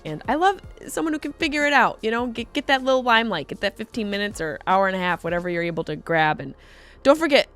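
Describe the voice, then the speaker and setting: A woman comedian hosting her podcast, talking casually and jumping into high, loud exclaims. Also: fast talker, soft background music. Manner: animated, jumps into high exclaims.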